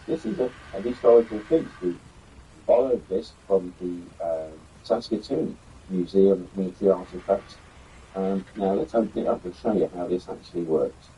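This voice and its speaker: A man's voice: low voice, dark tone, slightly rough, low-quality recording. An older man hosting a history video, talking casually about an old keepsake with some rambling and filler words. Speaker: YouTube history host. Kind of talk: casual show-and-tell presentation.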